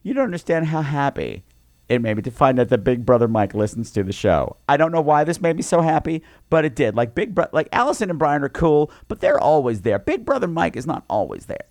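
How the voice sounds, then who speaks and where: A man co-hosting a podcast, telling a campy story in a casual, animated way. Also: on the high side, a little fast, no room sound, clean studio sound. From New York. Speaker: podcast co-host. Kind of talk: casual chat.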